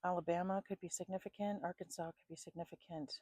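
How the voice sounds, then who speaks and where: Low-voiced woman giving a psychic reading. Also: fast talker, dry recording, rough recording. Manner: calm, repetitive, thinking aloud. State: sleepy, yawning. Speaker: psychic reader. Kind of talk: intuitive reading, listing impressions.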